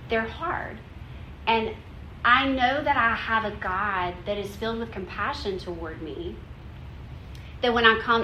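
A woman's voice: mid-range voice, pushed and bright, slight background noise. A woman giving a conversational devotional teaching to women, earnest and heartfelt, often saying "like" and "you know". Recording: roomy echo, faint ambience.

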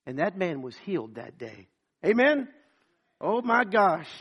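A man's voice: high-pitched, sing-song, a little slow, fairly bright tone, husky. A man preaching a sermon, telling stories dramatically and acting out the voices.

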